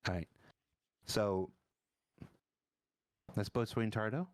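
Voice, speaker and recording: A man narrating a tabletop game as dungeon master, halting and searching for words. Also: on the low side, dry recording, clean studio sound.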